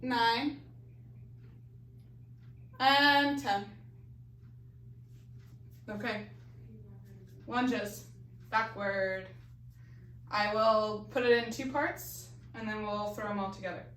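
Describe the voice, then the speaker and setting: A woman's voice: fairly high pitch, extremely slow, long pauses, fairly bright tone, far from the mic, a little hiss or hum. A woman leading a balance exercise class, counting reps and giving coaching cues, a little out of breath. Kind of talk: live fitness class instruction. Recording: echoey room, voice off-mic.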